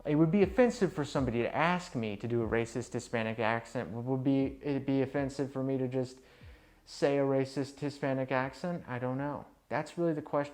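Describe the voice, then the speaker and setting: A man's voice: medium pitch, darkish tone. A man hosting a video, giving rambling, mocking commentary full of fillers and trailing asides. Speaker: video host reviewing books. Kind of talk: casual sarcastic commentary.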